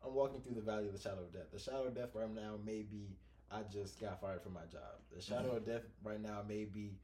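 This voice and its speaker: Young guy on a faith podcast, preachy, goes quiet then gets loud and fired up. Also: on the low side, fast, slight background noise. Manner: preachy, animated, swings from soft to loud. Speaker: podcast co-host. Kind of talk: passionate faith podcast talk.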